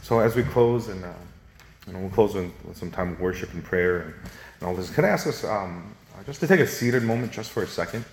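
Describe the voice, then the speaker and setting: A man with a lowish voice preaching a sermon in an earnest, conversational way. He talks straight to the congregation and builds into animated, higher stretches. The sound is roomy, as if caught in a sanctuary. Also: fairly quick, slight background noise. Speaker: pastor.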